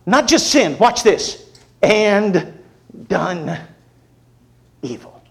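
A man delivering a sermon with a fairly high voice. He tells jokes with lively energy, then drops into a low, earnest exhortation. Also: extremely slow, creaky. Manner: animated, humorous storytelling then earnest preaching. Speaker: preacher.

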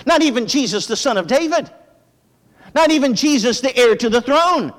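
A man preaching a sermon with impassioned delivery, praying softly and rising with fervor as he expounds Scripture. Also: lively intonation, a little fast, big-room sound. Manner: impassioned preaching, drops low for prayer. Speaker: pastor.

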